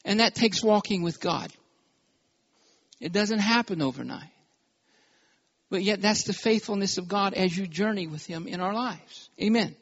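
A man's voice: high voice, normal speed, long pauses, fairly bright tone, muffled recording. A male pastor preaching a sermon, emphatic, calling for amens from the congregation.

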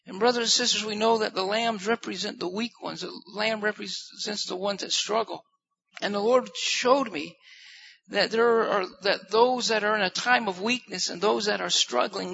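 A male preacher with a high, gravelly voice delivers an earnest sermon and repeats his phrases for emphasis. His tone is bright and a little husky. The recording sounds muffled and lo-fi. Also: moderate pace.

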